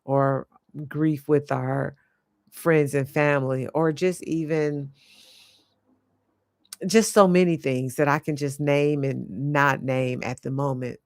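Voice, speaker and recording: A woman life coach speaks earnestly and slowly, halting and restarting as she searches for her words. Her voice carries a gravelly edge, and the sound is dry and close. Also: low-pitched, steady tone, dry recording. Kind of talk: reflective spiritual monologue.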